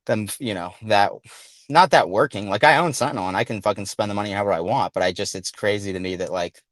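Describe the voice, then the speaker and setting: A man's voice: lowish voice, fast, fairly bright tone, no room sound. A stressed man calling in to a podcast, talking casually in long, loose sentences full of fillers. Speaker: caller.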